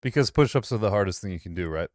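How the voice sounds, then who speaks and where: A man's voice: on the low side, animated, racing, no room sound, studio quality. Laid-back sarcastic man reacting to clips. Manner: sarcastic, laughing, loose and profane. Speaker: host reacting to videos. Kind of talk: casual reaction commentary.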